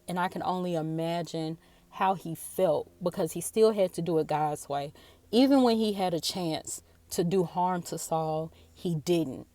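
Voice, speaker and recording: A woman giving a personal devotional talk, earnest and halting, often repeating her words, tearful after a day of crying. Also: fairly low pitch, dark tone, no room sound. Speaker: faith speaker.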